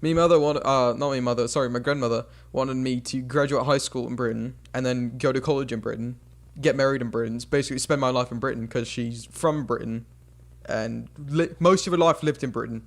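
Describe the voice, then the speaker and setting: A teenage guy hosting a casual podcast with a friend. He talks in a relaxed way, drops the odd swear word and often keeps his answers short. His voice sits at an ordinary middle pitch. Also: brisk, gravelly. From United States. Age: teens. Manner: laid-back, swearing, short replies. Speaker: podcast host. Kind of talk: casual chat.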